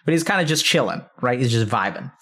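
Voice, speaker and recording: Speaking quickly in a mid-range voice with a breathy edge, this interview host casually recounts a story. He's animated, curses without holding back, and performs the voices of the people in it.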